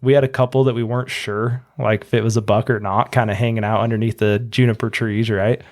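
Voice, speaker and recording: A man's voice: fairly low pitch, level tone, quick pace, a little mellow. A man hosting a podcast, telling a long story casually and acting out what others said. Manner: chatty, acts out quotes in a raised voice. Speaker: podcast host.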